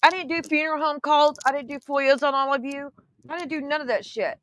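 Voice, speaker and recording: A woman hosting her own YouTube channel reacts to clips with sarcastic, profanity-laced casual commentary, calling people "honey." Her voice is high and fairly bright, with fairly even intonation and a slightly fast pace.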